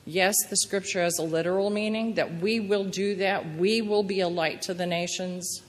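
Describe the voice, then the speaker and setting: A woman preacher giving a sermon in an earnest, gentle storytelling manner. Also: medium pitch, fairly even intonation, normal speed. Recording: reverberant church hall.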